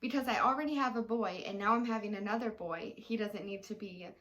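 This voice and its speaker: A woman's voice: mid-range voice, a little fast, fairly bright tone, poor audio. A young woman in casual chat, a chatty storyteller with many fillers. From Texas. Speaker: co-host.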